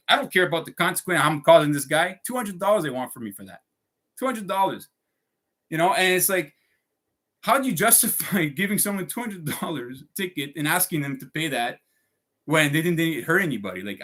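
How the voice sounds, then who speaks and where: A man's voice: on the high side, sharp tone. A man ranting to his viewers in a heated monologue, swearing often and repeating himself. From Canada. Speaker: vlogger.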